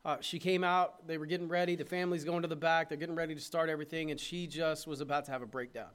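A middle-aged man preaches from the pulpit in a fairly high voice. He drives his points hard and loud, then drops into a soft, tender tone. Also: fairly even intonation, quick pace. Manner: impassioned preaching, swings between loud urging and soft tenderness. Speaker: pastor. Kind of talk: sermon.

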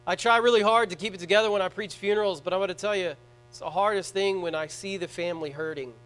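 A man preaching a sermon in a church, swinging between hushed, tender passages and loud, fervent ones. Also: high voice, steady tone, quick pace, poor audio. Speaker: pastor.

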